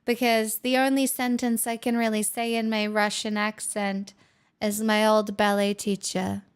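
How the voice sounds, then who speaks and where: A woman's voice: mid-range voice, little pitch movement, measured pace, clear, resonant tone. A young Australian woman chatting casually on a live stream, playful and a little dramatic. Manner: playful, self-mocking, dramatic. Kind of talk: casual chat.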